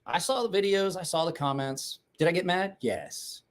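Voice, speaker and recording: A man's voice: a little high, lively intonation, normal speed. A middle-aged man hosting a casual livestream chat, blunt and rambling, swearing freely. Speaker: knife-sharpening channel host.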